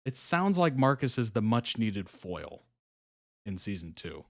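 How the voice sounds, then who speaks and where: Man, lowish voice, casual live-stream host, chatty, easy laughs. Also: unhurried. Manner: relaxed, chatty, reads viewer comments aloud; frequent soft laughs and fillers. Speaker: reaction streamer.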